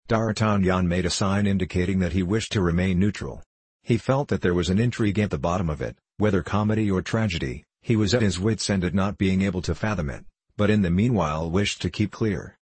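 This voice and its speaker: A man narrating a classic novel as an audiobook, in a steady, even storytelling manner. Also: low-pitched, fairly quick, breathy edge, dry recording.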